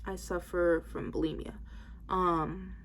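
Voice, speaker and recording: A woman's voice: on the low side, little pitch movement, slow pace, a little hiss or hum. A woman in her twenties telling a story casually to camera, full of "like" and "um", while doing her hair. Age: 20s. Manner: rambling, heavy use of "like" and "um". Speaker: vlogger.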